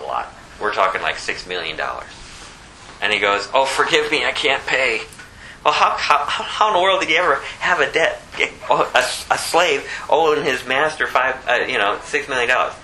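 A man giving an informal sermon, talking conversationally and acting out the people in his stories, climbing high when he stresses a point. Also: expressive, bright, forceful tone, slight background noise, low-quality recording. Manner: conversational, plays out the story characters in quick voices. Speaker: preacher.

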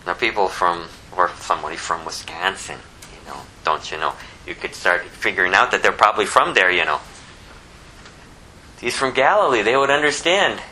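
A man preaching a sermon in a conversational, animated way, acting out the lines he quotes. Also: low-pitched, moderate pace, slight background noise, poor audio. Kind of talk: expository sermon.

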